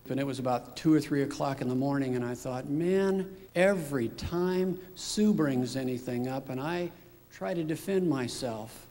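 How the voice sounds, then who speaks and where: A middle-aged father recounts his personal story in a gravelly, worn voice. He speaks in a reflective, unhurried way. A long, hall-like reverb trails behind his words. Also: fairly high pitch, a little mellow. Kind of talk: personal testimony.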